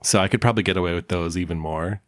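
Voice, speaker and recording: A woman's voice: rumbling low, rapid-fire, no room sound. A woman co-hosting a casual film chat, joking and acting out lines in silly voices. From family of Italian and German descent. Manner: jokey, acts out quotes in silly voices. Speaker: podcast co-host.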